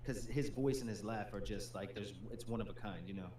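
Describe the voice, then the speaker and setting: A fairly low-voiced man on a home streaming setup, talking in a loose, easygoing way with lots of "dude" and "man". The room has an echo, and a faint hum sits under his voice. He sounds like a gaming co-host chatting through his reactions. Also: fairly quick, darkish tone. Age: adult with a young child. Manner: laid-back, peppered with "dude" and "man". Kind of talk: casual livestream chat.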